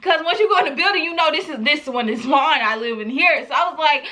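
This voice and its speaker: A woman's voice: high-pitched, lively intonation, fairly quick, bright, forceful tone. A young woman vlogger telling a storytime to camera in casual, slangy chat, laughing often.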